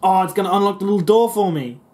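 A man's voice: sits high, fast, a little mellow. A young man commentating a video game, swearing and grumbling with sarcastic frustration. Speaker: gaming YouTuber. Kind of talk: let's play commentary.

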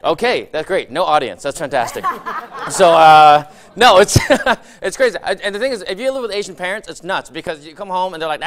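A man doing animated stand-up in a TV studio, laughing between jokes. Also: sits high, a little fast. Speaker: stand-up comedian.

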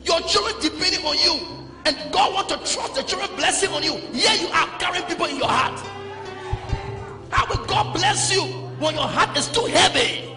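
A man with a Liberian English accent preaching a sermon as pastor, dropping to low talk and rising to shouted exhortation. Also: animated, normal speed. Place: large church hall. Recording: echoey hall, distant mic, music behind.

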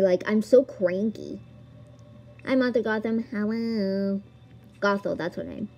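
A woman's voice: mid-range voice, takes it slowly, creaky, long pauses, mellow, dull audio. A woman giggling and exclaiming as she plays a video game and reads its text aloud. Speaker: gamer. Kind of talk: let's-play commentary.

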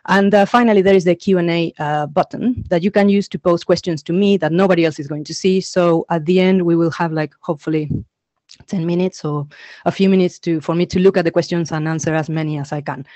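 A woman's voice: fairly low pitch, a little fast, no room sound. A woman from Argentina presenting a teacher-training webinar over a video call, chatty and full of ums. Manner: chatty, lots of ums and uhs; excited reading out names from the chat. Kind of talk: online conference talk. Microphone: computer mic on a video call.

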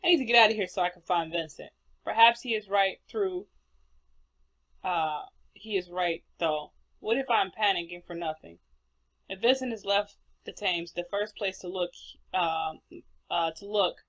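A man's voice: sits high, normal speed, bright, forceful tone. A man doing let's play commentary, reading game text aloud and joking between lines. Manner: reads game text aloud with jokes and stumbles. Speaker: let's player.

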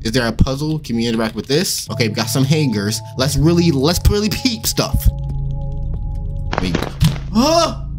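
Lively slangy man playing a horror game. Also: medium pitch, normal speed, over music. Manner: animated, slangy, swearing, yelps and shouts when startled. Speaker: gaming YouTuber. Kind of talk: horror game let's-play commentary.

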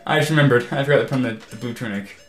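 A male let's play host gives casual, rambling commentary on a video game, quick to get exasperated and fond of saying "freaking." His mid-range voice is rapid-fire, in an echoey room with faint game music.

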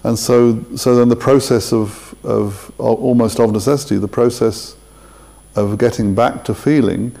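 A man speaking thoughtfully in a played clip, halting and restarting as he searches for words. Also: medium pitch, fairly even intonation, creaky, warm tone. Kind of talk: reflective talk.

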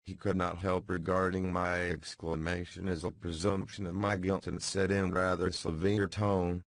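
Male audiobook narrator, deep, measured, formal, dry close sound. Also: level tone, no echo, low-quality recording. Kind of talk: scripted narration.

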